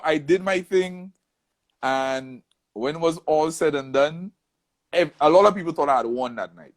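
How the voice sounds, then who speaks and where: A man telling a long story in a casual interview and acting out the voices of the people in it. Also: fairly high pitch. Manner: animated storyteller, acts out quoted voices. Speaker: soca artist, interview guest.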